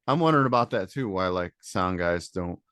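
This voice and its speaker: A man's voice: sits low, lively intonation, fairly quick, fairly bright tone, clean tone, no room sound, studio quality. A man from Michigan, a band member guest, talking in a laid-back, rambling way in a casual interview.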